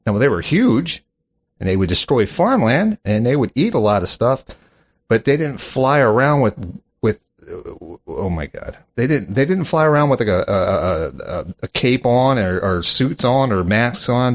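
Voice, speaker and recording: A man's voice: mid-range voice, big pitch swings, normal speed. A man hosting a mock call-in comedy show, flustered and incredulous, stammering as he fields callers. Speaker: host of a comedy podcast.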